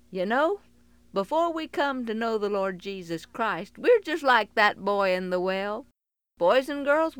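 A woman's voice: mid-range voice, a bit bright, no room sound. A woman telling a story to children on the radio and then making an earnest, pleading gospel appeal.

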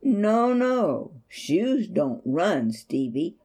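A kind, devout mother from a storybook, voiced by a woman reader, talking in a soft, mellow, motherly way. She speaks unhurriedly and soothingly, with a calm and steady faith. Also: on the low side, slow pace, full character voice. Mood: gentle, reassuring.

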